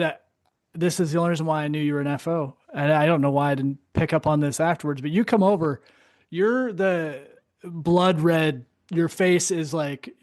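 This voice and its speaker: A man telling a war story in casual chat, animated, laughing often and cursing freely. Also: on the high side, dry recording, studio quality. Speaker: podcast host, Marine veteran.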